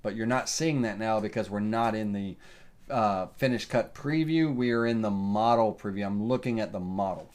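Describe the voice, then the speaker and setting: A man giving a relaxed live woodworking software tutorial, answering viewer questions with lots of fillers. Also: fairly low pitch, moderate pace. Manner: casual, folksy, lots of uh and um fillers. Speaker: CNC woodworking instructor.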